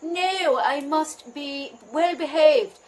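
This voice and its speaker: A woman's voice: high voice, takes it slowly, a little mellow, a little hiss or hum, pitched above the performer's own voice. A woman putting on a prim, stern inner voice of grown-up duty with an English accent.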